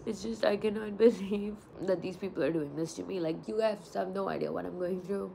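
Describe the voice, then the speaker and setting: A woman's voice: mid-range voice, brisk, gravelly, hardly any pauses, warm tone, a little hiss or hum, poor audio. A woman of about twenty, chatting candidly and rambling to her phone camera in a casual vlog, with plenty of swearing. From India. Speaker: vlogger.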